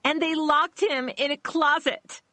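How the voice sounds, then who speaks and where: A distraught teenage girl with a Valley Girl lilt, put on by a woman narrator, high and bright as she stammers out her story through tears. The audiobook sound is close and dry. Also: steady tone, unhurried, no echo. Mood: tearful. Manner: tearful, hesitant, high and bright.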